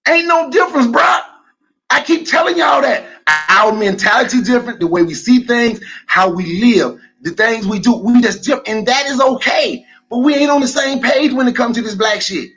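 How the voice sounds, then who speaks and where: A man co-hosting a podcast, arguing loudly and combatively in a heated debate. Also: very high-pitched, normal speed, poor audio. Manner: loud, combative, repeats questions. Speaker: podcast co-host.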